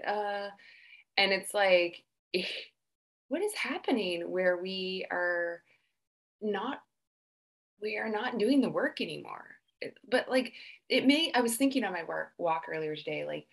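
A woman co-hosting a casual podcast, rambling and asking questions in an animated way. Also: mid-range voice. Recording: echoey room sound.

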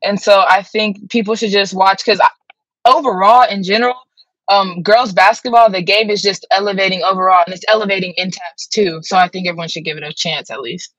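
A woman's voice: mid-range voice, fairly even intonation, brisk, a bit bright, no echo, low-quality recording. A young woman athlete answering interview questions in a chatty, upbeat way, full of "like" fillers. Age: young adult. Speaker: guest athlete. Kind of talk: casual interview.

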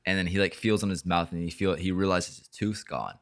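Young male host, deep voice, rambling casual storyteller who swears a lot. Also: a little fast, a bit bright. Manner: rambling, heavy swearing, lots of fillers. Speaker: podcast host.

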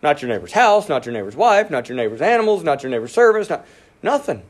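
A man preaching a sermon, animated, acting out inner voices and dropping his voice low for emphasis. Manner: animated, acts out inner voices, quickens and drops to near whisper. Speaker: pastor.

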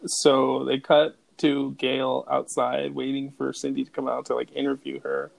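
A man's voice: medium pitch, monotone, normal speed, creaky, no room sound. A young man co-hosting a podcast, joking and laughing as he retells movie scenes and quotes lines in casual chat. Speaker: podcast co-host.

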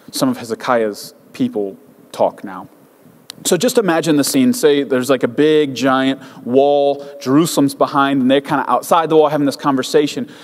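A male pastor preaching in a conversational, animated storytelling manner, often restarting his phrases. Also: medium pitch, long reverb tail. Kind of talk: sermon.

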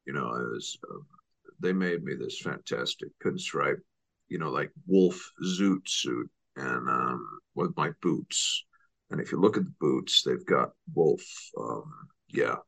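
A man doing an impression of a famous actor mumbling through an interview, in a low, halting voice. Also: animated, gravelly, fairly bright tone, breathy edge, full character voice.

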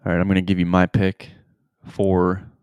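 A man's voice: low voice, monotone, moderate pace, a little mellow, clean tone, dry recording. A young man co-hosting a casual podcast, laid back and laughing often, giving sports betting picks. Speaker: podcast co-host. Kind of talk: casual chat.

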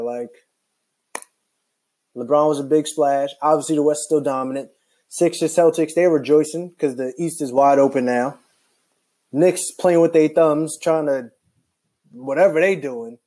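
A young man vents in a loose, rambling way, full of restarts and filler words. His voice sits a little high but sounds mellow and warm. He comes across irritated and animated throughout. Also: normal speed, long pauses. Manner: animated, rambling, heavy use of "like". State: frustrated. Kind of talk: casual basketball rant.

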